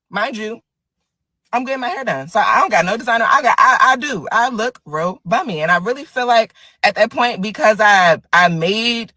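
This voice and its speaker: A woman's voice: on the high side, expressive, fairly quick, bright, forceful tone, dry recording, low-quality recording. A woman retelling a bad salon visit in an agitated, indignant, detailed way. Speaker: salon customer. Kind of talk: upset storytelling vlog.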